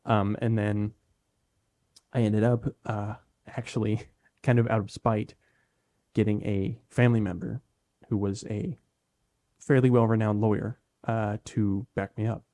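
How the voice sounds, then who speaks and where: Young man, podcast co-host, low pitch, warm dark tone, self-deprecating casual chat. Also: flat delivery, unhurried, pauses often.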